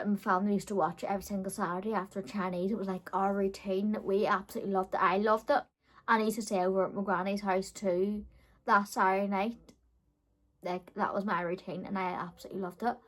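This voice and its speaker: A woman's voice: medium pitch, fairly bright tone. A woman telling a casual storytime vlog as a beauty vlogger, chatty and giggly, peppering her talk with fillers.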